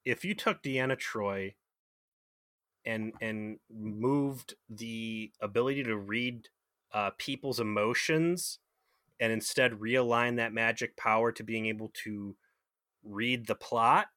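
A man's voice: fairly low pitch, takes it slowly, pushed and bright, dry recording, studio quality. A man co-hosting a casual podcast, riffing on an episode with jokes and swearing. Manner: joking, profane riffing. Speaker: podcast co-host. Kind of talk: casual chat.

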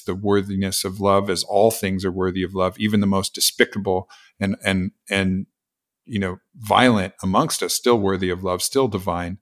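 Deep-voiced man, flat delivery, rambling thoughtful podcast host. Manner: thoughtful, rambling, many fillers. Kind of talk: philosophical podcast conversation.

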